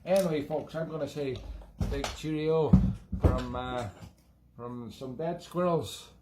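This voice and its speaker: A man's voice: on the high side, a little slow, heavy background noise, close to an everyday voice. A Scottish man doing a boozy stage-Irish leprechaun. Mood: rambling. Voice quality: exaggerated put-on Irish lilt. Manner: rambling, jokey, drifting into nonsense. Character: boozy cheeky male leprechaun host. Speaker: music show host. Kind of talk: comic character monologue.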